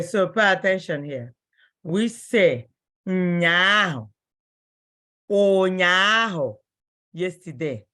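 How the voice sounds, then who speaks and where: A woman leads an online language class and takes her time, saying each word slowly and then saying it again for her students. Her voice is bright and clear, and her pace is unhurried and patient. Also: on the low side. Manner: slow, repeats words carefully for students. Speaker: Igbo language teacher.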